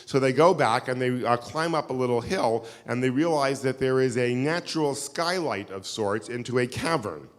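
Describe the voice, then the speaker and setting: A man's voice: medium pitch, moderate pace, few pauses. Male lecturer, chatty self-deprecating storyteller, live in a reverberant hall. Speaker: keynote lecturer. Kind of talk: live lecture with audience questions. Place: synagogue hall.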